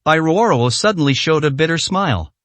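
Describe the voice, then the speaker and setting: Man narrating a web novel, slightly high. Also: brisk, dry recording. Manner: steady, even storytelling. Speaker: story narrator. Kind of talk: scripted narration.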